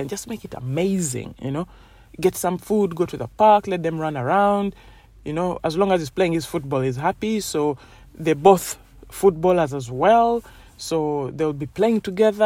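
A woman's voice: lowish voice, mellow, no room sound. Chatty woman, dry sound. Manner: chatty, rambling, many "you know"s. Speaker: podcast host. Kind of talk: casual motivational monologue.

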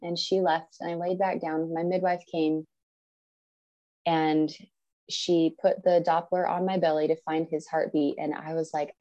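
A woman in her thirties tells her own story as a podcast guest. She speaks earnestly and vividly and slips into the voices of the people in her story. Her voice sits a little low, with a warm, mellow tone. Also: unhurried, muffled recording. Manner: earnest, animated, acts out quoted speech. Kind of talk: personal storytelling.

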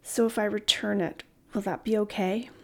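A woman's voice: medium pitch, fairly even intonation, normal speed, a bit bright. Storybook: a woman voicing a hesitant, shaky young woman, a touch of grit in the voice. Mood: nervous. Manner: hesitant, trembling. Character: nervous young woman turning herself in.

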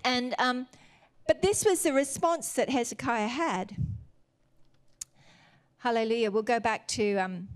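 A woman's voice: a little high, unhurried. A woman preaching a sermon, retelling scripture with earnest, exhorting emphasis.

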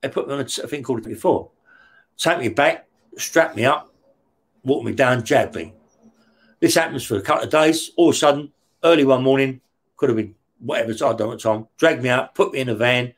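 A man's voice: medium pitch, a little fast, pauses often. Blunt swearing man telling a story. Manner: blunt, heavy swearing, keeps checking with "yeah?". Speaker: interview guest recounting prison life. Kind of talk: casual storytelling.

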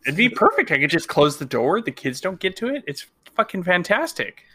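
A man co-hosting a casual gaming podcast, chatting in a relaxed, easygoing way. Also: high voice, brisk, breathy edge. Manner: relaxed, easygoing, laughs along. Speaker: podcast co-host.

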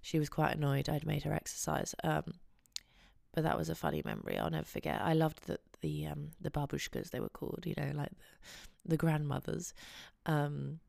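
A woman's voice: low voice, sing-song, normal speed, vocal fry, a little mellow, no room sound, clean studio sound. A young adult woman hosting a podcast, chatting casually and telling rambling, giggly stories. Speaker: podcast host. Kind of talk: casual chat.

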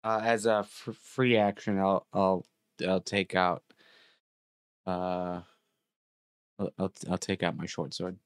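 A man's voice: low-pitched, little pitch movement, takes it slowly, long pauses, clean tone, no echo, clean studio sound. A man playing in a live tabletop game who halts and repeats himself while he decides what to do. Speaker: player. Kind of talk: casual tabletop game talk.

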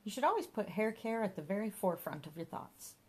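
A woman's voice: medium pitch, expressive, a little fast, husky, voice pushed up. A woman voicing an eccentric middle-aged mother who chatters in a dotty, matter-of-fact way.

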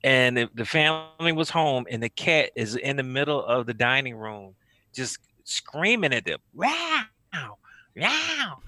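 A man in casual podcast chat, an animated storyteller who laughs easily. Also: medium pitch, normal speed. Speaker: podcast co-host.

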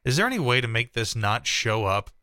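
Bright, crisp-voiced male podcast host. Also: mid-range voice, sing-song, fairly quick, no echo, studio quality. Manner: joking, mildly exasperated, chatty. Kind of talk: casual podcast chat.

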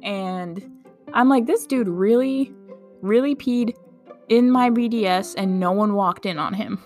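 A woman's voice: medium pitch, unhurried, darkish tone, faint music behind. A young woman who works in a medical clinic tells a casual personal anecdote, chatty and incredulous, saying "like" often and laughing through it.

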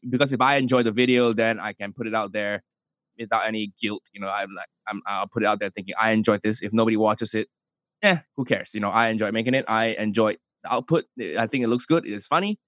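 A man's voice: lowish voice, fast, fairly bright tone, no room sound. Hesitant Malaysian man in dry studio. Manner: hesitant, many restarts and fillers. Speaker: comedian and YouTuber guest. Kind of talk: casual interview answers.

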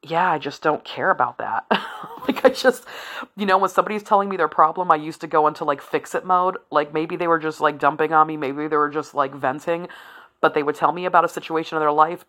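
A woman's voice: sits low, a bit bright. A woman in her forties talking candidly and profanely on her own, rambling with asides and laughter. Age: 40s. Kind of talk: candid solo talk.

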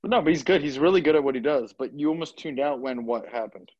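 A man's voice: fairly high pitch, quick pace, darkish tone, no room sound. Man, podcast co-host, casual, dry jokes, medium voice, dull dry sound. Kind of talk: casual chat.

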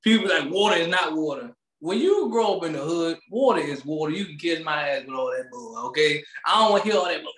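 A man co-hosting a podcast, ranting loudly with swearing and frequent laughter, speaking. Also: on the high side, quick pace, few pauses, reverberant. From Maryland, USA. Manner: loud, animated, swearing, laughing often. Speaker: podcast co-host. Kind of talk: casual comedic rant.

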